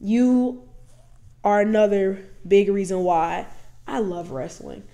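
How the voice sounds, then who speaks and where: A woman co-hosting a casual podcast, her voice hoarse and nasal from a cold, chatty and heartfelt. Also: mid-range voice, slow pace. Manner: chatty, heartfelt sign-off with sports shout-outs. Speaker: podcast co-host.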